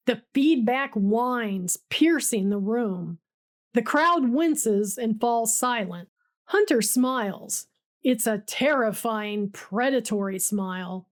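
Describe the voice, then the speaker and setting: Woman reading out a dramatic history tale, vivid and suspenseful, voice a bit high. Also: lively intonation, slow pace. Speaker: narrator. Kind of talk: scripted dramatic history narration.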